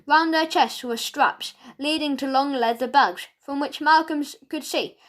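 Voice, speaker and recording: A woman narrating a children's audiobook in a lively storytelling manner. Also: high-pitched, unhurried.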